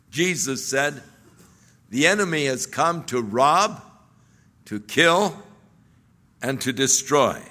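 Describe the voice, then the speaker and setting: A male preacher delivers an earnest sermon and leans into emphatic exclamations. His voice is bright and forceful. He takes his time, speaking slowly and deliberately. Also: medium pitch.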